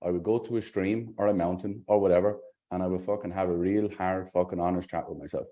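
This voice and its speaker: A man with a very low voice and a dark, mellow tone gives a sales trainee a blunt dressing-down. He scolds and swears freely as he coaches. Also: fairly even intonation, quick pace, highs cut off.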